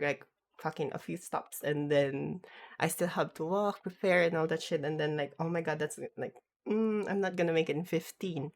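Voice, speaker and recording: Lowish voice, woman rambling on her stream, swears a lot, gets loud when worked up. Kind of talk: casual reaction-stream chat.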